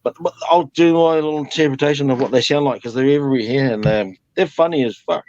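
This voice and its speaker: A man's voice: medium pitch, fast talker, darkish tone, no room sound. A man from New Zealand with a New Zealand accent, chatting casually as a guest on a live stream, rambling, laughing often and swearing casually. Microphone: video call. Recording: muffled video-call audio.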